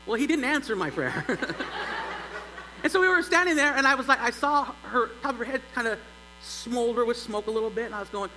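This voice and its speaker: Man preaching, bright tense tone, long church reverb, faint hum behind. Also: extremely high pitch, fast. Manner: animated, builds to loud exclaims. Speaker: pastor. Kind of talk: humorous sermon storytelling.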